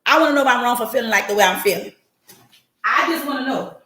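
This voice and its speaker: A woman's voice: fairly high pitch, quick pace, sharp tone, echoey room. A woman hosting a podcast on a livestream, telling her story bluntly and with profanity while talking straight to her chat. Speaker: podcast host. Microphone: home livestream setup.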